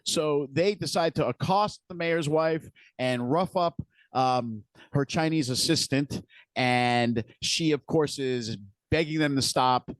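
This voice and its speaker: A podcast co-host recaps a TV episode in casual, detailed chat, retelling its scenes. His voice is on the high side and his pace slow, and the recording has no echo.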